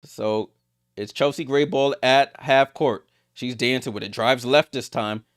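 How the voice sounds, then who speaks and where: A man giving live play-by-play of a basketball game as a streamer, getting louder on big plays and greeting viewers in the chat. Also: fairly even intonation, a little slow, clean tone, dry recording, studio quality. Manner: rises sharply in pitch and volume on big plays.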